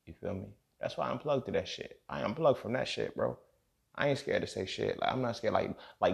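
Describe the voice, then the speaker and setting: His voice is lowish with vocal fry as he rants alone on his podcast. The host is angry and emotional, cursing emphatically and frequently asking listeners "you feel me."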